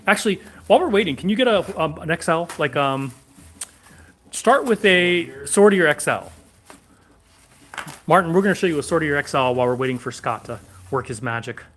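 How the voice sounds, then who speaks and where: A man's voice: on the high side, normal speed, pauses often, a little hiss or hum. A man hosting a sword shop livestream in a back room, chatting casually and answering viewer questions. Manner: relaxed, rambling, answers chat questions.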